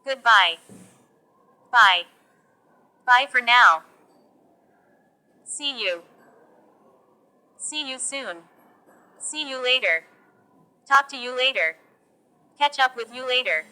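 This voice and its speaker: A woman reads short example phrases for English learners, pausing after each one. She speaks very slowly and deliberately. Her voice is a little high and has a bright, crisp edge. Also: animated. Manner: slow, deliberate phrase-by-phrase delivery. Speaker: English teacher.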